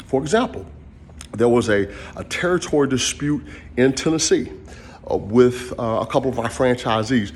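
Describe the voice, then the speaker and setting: A man telling a rambling personal story in a casual monologue, acting out his own lines in an animated way. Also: medium pitch, slight background noise.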